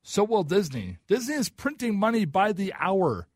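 A man co-hosts a radio talk show with a somewhat high voice. He chats in an easygoing, agreeable way. The studio sound is dry and close. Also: wildly swooping pitch, normal speed, no echo. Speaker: radio co-host. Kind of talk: casual talk radio chat.

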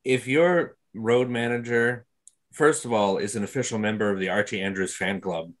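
A man's voice: fairly low pitch, moderate pace. Sarcastic man mocking a movie. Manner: sarcastic, exaggerating. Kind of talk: casual movie chat.

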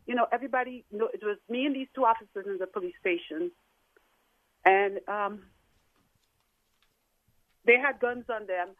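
A middle-aged woman calling in to a talk show, telling a personal story in an emotional, halting way. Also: mid-range voice, dry recording. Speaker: guest caller. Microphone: phone. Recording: tinny phone line.

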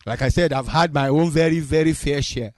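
A man preaching a sermon, acting out dialogue with God in an expressive way. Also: fairly high pitch, fairly quick, dry recording.

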